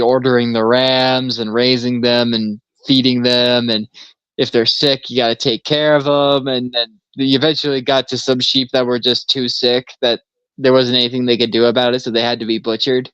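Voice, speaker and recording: A man's voice: mid-range voice, a bit bright, clear, resonant tone, dry recording, muffled recording. A man co-hosting a podcast in casual chat, telling a long story in a rambling way and laughing often. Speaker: podcast co-host.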